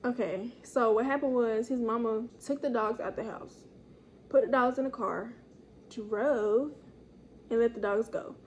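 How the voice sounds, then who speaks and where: Animated young woman telling a story. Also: a little slow, highs cut off, a little hiss or hum. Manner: animated, slangy, acts out quotes in higher voice. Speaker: storytime vlogger. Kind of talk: casual storytelling.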